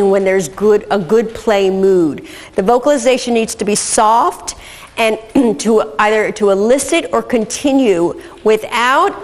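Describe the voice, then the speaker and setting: Woman lecturing in a reverberant hall. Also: mid-range voice. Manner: methodical, often checks in with "okay". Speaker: instructor. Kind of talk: recorded lecture.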